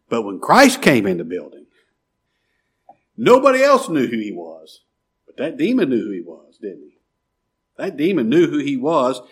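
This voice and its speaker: Husky-voiced preacher man, animated. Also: medium pitch. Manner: preaching with rhetorical questions and sudden drops to a near-murmur. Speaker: pastor. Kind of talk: sermon.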